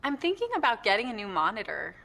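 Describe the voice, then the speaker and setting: A woman's voice: medium pitch, sing-song, fast talker, gravelly, pushed and bright, heavily acted. A woman playing a casual shopper in a scripted textbook dialogue, speaking in a chatty, conversational way.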